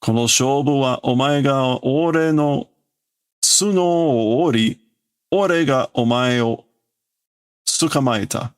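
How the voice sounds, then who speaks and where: A man reading a proud male battle robot's lines from a manga, slowly and haltingly. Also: mid-range voice, clear, resonant tone, lightly acted. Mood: stern.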